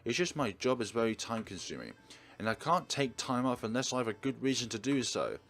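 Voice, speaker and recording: Earnest young woman nurse, raised eager voice, animated, read by a man. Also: mid-range voice, brisk, faint music behind. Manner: raised, bright, eager delivery.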